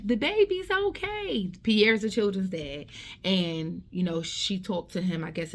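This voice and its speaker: A middle-aged woman vlogger telling a personal story in a casual, conversational way, often checking in with "right?" and restarting her sentences. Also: medium pitch. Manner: conversational, tag questions and restarts.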